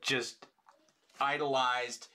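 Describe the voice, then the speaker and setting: A man's voice: mid-range voice, little pitch movement, extremely slow, pushed and bright. A man in casual review chat, easygoing and agreeable as he adds his take. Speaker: film critic podcast co-host.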